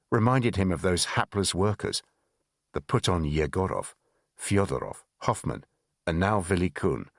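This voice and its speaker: A man reading a spy thriller audiobook in measured, expressive narration. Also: deep voice, no room sound, studio quality.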